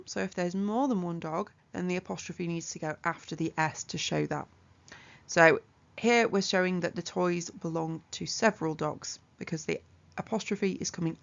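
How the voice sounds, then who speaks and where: Methodical woman tutor, gravelly low voice. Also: muffled recording. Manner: clear, methodical explaining with examples. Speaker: English tutor. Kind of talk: scripted exam revision lesson.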